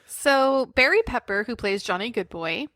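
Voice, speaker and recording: A woman's voice: a little high, lively intonation, fairly bright tone, no echo, clean studio sound. A woman co-hosting a casual movie podcast, recounting trivia in a chatty way. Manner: chatty, recounts trivia, paraphrases people in quick asides. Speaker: podcast co-host. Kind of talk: casual chat about movies.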